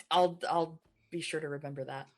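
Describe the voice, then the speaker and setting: A woman's voice: sits low, steady tone, measured pace. A woman playing a tabletop game, with dry, teasing remarks. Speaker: player.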